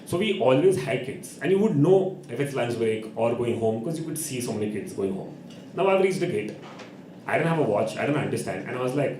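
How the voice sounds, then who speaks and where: Young man, stage storyteller, animated and playful, echoey room with noise. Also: mid-range voice, quick pace. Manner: animated, acts out voices of people in his story. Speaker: open mic performer and host. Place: performance venue.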